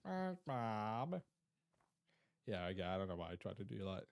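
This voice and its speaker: A man's voice: low-pitched, level tone, racing, vocal fry, no echo. A young man streaming live. He chats casually with his viewers, jokes around, swears a lot and greets people in chat.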